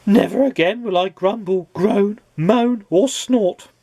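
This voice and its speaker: A man's voice: high voice, slow pace, darkish tone, no room sound, pitched above the performer's own voice, exaggerated voice. A man voicing a grumpy, complaining man in a storybook reading, speaking in a scornful, grumbling way. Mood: pleading.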